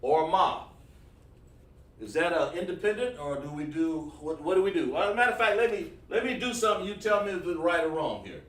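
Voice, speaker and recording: A man's voice: fairly high pitch, expressive, fast, hardly any pauses, fairly bright tone. A man teaching an online lesson, coaxing students with repeated questions. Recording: echoey room, far from mic.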